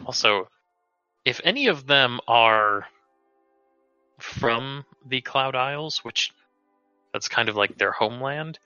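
Brief: male player, rambling and jokey, very sharp low voice, faint music, lo-fi. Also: animated, slow, pauses often, clean tone, no echo. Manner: loose, joking, rambling. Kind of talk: casual tabletop chat.

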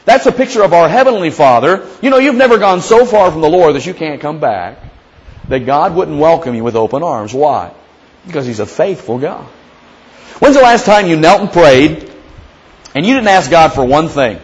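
Higher-voiced male pastor preaching conversationally. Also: animated, fairly quick, muffled recording. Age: young adult or middle-aged father. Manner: conversational preaching that slips into acted quotes of prayers. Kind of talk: sermon.

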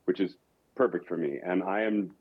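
A man's voice: low voice, normal speed, slightly rough. A man from rural Colorado, an opera singer guest, explaining his craft in a reflective, thoughtful way. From rural Colorado, USA. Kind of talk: casual interview talk. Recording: dull lo-fi audio.

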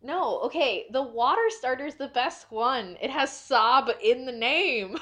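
A woman's voice: sits high, lively intonation, measured pace, pushed and bright. A woman co-hosting a casual chat show, teasing her partner with mock outrage. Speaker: podcast co-host.

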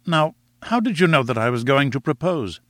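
A man's voice: fairly high pitch, sing-song, normal speed, a bit bright, no room sound, pitched above the performer's own voice. A man reading aloud voices an earnest, lovestruck young man who pleads eagerly with the woman he loves.

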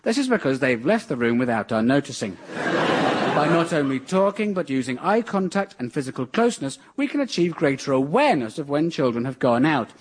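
A man's voice: a little high, very animated, brisk, slight background noise. Dry mock-earnest man lecturing. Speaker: comedy show host. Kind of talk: satirical radio comedy monologue.

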